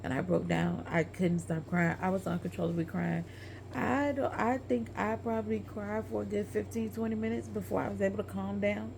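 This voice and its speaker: A woman's voice: mid-range voice, level tone, normal speed, gravelly, a little mellow. A middle-aged woman, telling a personal story candidly and with emotion, talking straight to her viewers. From Texas. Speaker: vlogger. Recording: light background noise.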